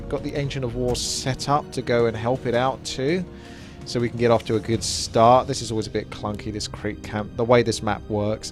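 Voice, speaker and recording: A man giving casual, chatty game commentary, thinking aloud as he plays. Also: mid-range voice. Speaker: gameplay commentator.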